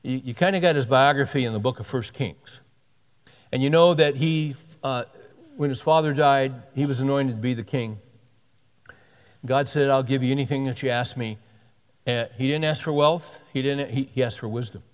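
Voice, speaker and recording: A man's voice: mid-range voice, normal speed. A man preaching a sermon in an earnest, conversational way, often repeating and restarting his phrases. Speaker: pastor. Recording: long hall reverb.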